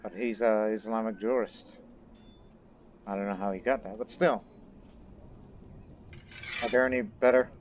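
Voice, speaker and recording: A man's voice: fairly low pitch, fairly even intonation, unhurried, pauses often, slight background noise. A man casually commenting on his own strategy game as he plays, thinking aloud with chatty asides. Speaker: game streamer.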